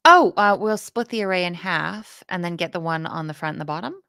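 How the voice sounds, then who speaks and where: Woman, low voice, chatty learner in a coding stream, dry mic. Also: bright, forceful tone, no echo. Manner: chatty, self-deprecating, quick laughs. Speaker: co-host learning to code. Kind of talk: casual live coding chat.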